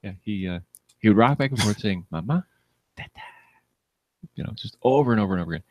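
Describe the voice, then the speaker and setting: A man's voice: lowish voice, racing, no room sound, highs cut off. A man co-hosting a casual comedy chat, telling stories, laughing often and acting out the people he quotes. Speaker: podcast co-host.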